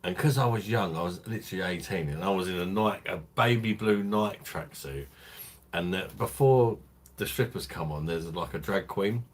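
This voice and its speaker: A man's voice: low voice, moderate pace. A man hosting a beer review live stream, chatting casually in a crude, rambling way and laughing often.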